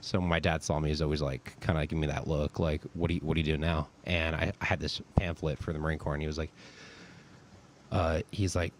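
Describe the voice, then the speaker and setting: A very deep-voiced man in his late twenties tells his story as an interview guest. He talks loosely, with plenty of "like" and "um" fillers. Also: little pitch movement, fast talker, a little hiss or hum. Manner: loose, filler-heavy talk with many "like" and "um". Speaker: interview guest, military veteran.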